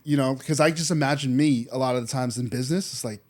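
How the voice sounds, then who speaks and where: A man hosting a faith podcast, chatting casually and retelling a Bible story with lively acted-out quotes. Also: mid-range voice, fast talker. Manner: animated storyteller, acts out quoted voices, says "dude" often. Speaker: podcast host.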